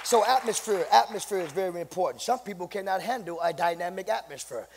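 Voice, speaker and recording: Male pastor, high voice, in a hall that climbs to shouting. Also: expressive, fast, vocal fry, crowd noise, noisy background. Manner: builds to shouting, repeats "my God" often. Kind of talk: sermon. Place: church sanctuary. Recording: long hall reverb.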